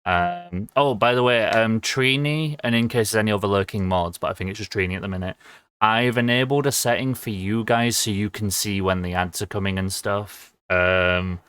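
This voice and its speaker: A man's voice: on the low side, moderate pace, a bit bright, clean tone. A young man, chatting casually with viewers on a livestream, rambling with lots of ums and small laughs. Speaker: streamer.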